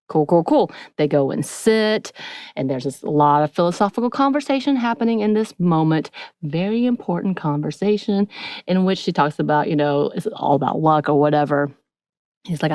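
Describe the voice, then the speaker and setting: Low-voiced lady recapping a show on a podcast, super chatty, acts out the quotes, dry sound. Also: a little fast, no echo. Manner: chatty, animated retelling with acted-out quotes. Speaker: podcast co-host. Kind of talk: casual TV recap chat.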